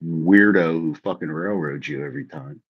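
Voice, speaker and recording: A man's voice: very deep voice, moderate pace, slightly rough. A young man co-hosting a casual livestream, talking loosely with casual swearing. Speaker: co-host of a livestream. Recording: slightly dull lo-fi sound.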